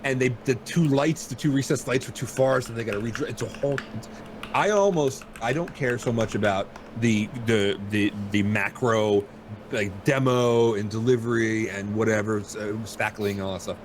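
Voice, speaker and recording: A man's voice: lowish voice, moderate pace, slight background noise. A man hosting a podcast from home, telling a rambling, self-deprecating story in casual chat. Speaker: podcast host.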